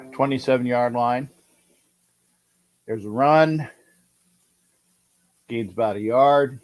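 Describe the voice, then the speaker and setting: A middle-aged man hosting a livestream, calling a football game and answering chat, excitable and repeating himself as he urges his team on. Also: mid-range voice, takes it slowly, long pauses. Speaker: livestream host. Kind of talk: live game-watch commentary with chat.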